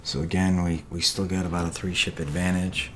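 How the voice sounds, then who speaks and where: A very deep-voiced man talks through a replay of his match in a relaxed, halting way, often pausing on "uh" and "um". He sounds a little tired. A steady hiss of noise sits under his voice. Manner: relaxed, hesitant, many fillers. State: tired, yawning. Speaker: gameplay commentator. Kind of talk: game replay commentary.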